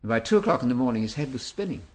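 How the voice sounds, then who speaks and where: A Bible teacher in his seventies answers interview questions with animated, emphatic, preacher-like delivery. His voice is mid-range and he talks very fast.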